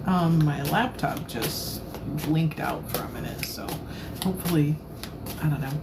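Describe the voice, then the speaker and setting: A woman's voice: low voice, a little slow, gravelly, heavy background noise. A woman tarot reader chatting casually on a live stream, playful and giggly, rambling as she talks into a phone.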